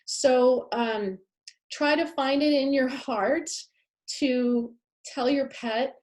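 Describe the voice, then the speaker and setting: A woman's voice: high voice, slow pace, darkish tone. A woman giving a live masterclass talk on pets and the afterlife, earnest and emphatic, often repeating her key phrases. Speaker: pet afterlife speaker.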